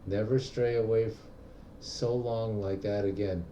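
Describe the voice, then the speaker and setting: A man reading as a gentle older nun. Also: fairly low pitch, fairly even intonation, unhurried, reverberant, recorded from a distance, a little hiss or hum, close to an everyday voice. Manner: reads game text aloud in a plain voice.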